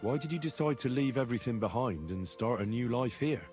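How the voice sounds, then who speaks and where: A man's voice: mid-range voice, animated, brisk, darkish tone, soft background music, lightly acted. An actor voicing a young male hero in a video game, asking plain, earnest questions.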